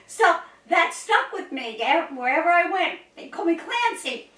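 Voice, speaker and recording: A woman hosts a casual home cooking video, chatting cheerfully and laughing often as she cooks in her kitchen. Her voice is extremely high, sing-song, and fairly bright at normal speed. A distant mic picks up roomy kitchen sound.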